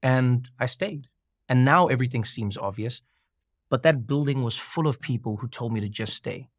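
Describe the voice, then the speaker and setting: A man spins a story as a guest in a sit-down interview, animated and quick to laugh, tripping over his own restarts as the tale builds. His voice sits at a middling pitch, and the sound is close and dry with no room around it. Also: dry recording. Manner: animated, laughs often, repeats and restarts when excited.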